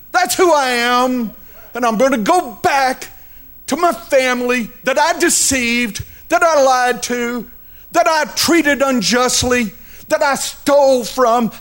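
A man voicing a remorseful biblical man who confesses his deceit, speaking slowly and earnestly. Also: extremely high pitch, a bit bright. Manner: slow, earnest, pleading.

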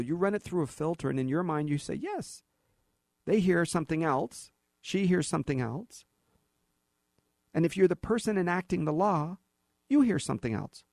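A Californian talk radio host with a high, creaky voice delivers an opinionated, sarcastic monologue from a radio studio. He's animated and acts out snippets of dialogue in other voices, and the sound is clean, echo-free studio quality.

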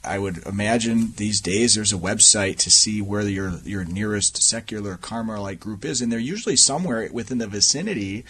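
A man, a priest, answering a caller's questions as a guest on a radio talk show with measured, gentle explanations. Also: on the low side, a little hiss or hum.

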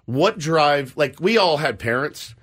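Animated self-mocking male host. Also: a little high, a little slow. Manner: animated, self-mocking, jumps into quoted voices. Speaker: radio show host. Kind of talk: casual storytelling banter.

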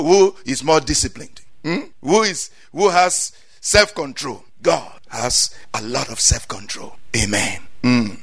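A male preacher giving a fervent sermon, saying amen often, repeating phrases and rising to loud peaks. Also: mid-range voice.

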